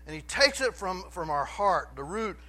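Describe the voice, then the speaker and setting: A man's voice: high-pitched, big pitch swings, moderate pace, bright, forceful tone. A man preaching a sermon to his congregation, chatty, often asking the room questions and restarting his sentences. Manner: conversational, asks the congregation questions, self-interrupting. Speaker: pastor. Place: church before a congregation.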